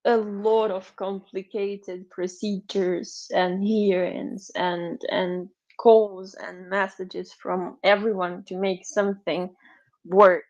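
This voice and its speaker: A woman hosts a live audio room, her speech emotional and rambling, full of fillers and small laughs. Her voice sits at a middle pitch. The audio is muffled and lo-fi. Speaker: host.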